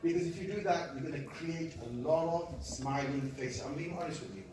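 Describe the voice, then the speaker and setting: A man giving an animated storytelling lecture, acting out voices and laughing at his own jokes. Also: on the high side, a little fast, noisy background. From Britain. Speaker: Islamic lecturer. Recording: echoey hall, speaker far from the mic.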